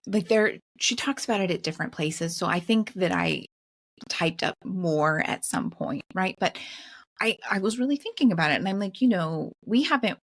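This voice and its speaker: A woman's voice: fairly low pitch, animated, moderate pace, dry recording. A middle-aged woman co-hosting a casual book club podcast, thinking aloud with many restarts and fillers. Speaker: podcast co-host.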